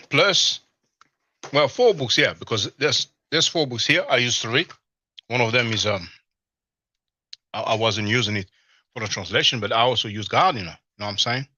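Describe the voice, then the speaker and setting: A man's voice: mid-range voice, moderate pace, long pauses, sharp tone, no echo. A man hosting a live stream, chatting loosely with viewers and eating as he talks, with lots of "you know". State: talking while eating. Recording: slightly dull lo-fi stream audio.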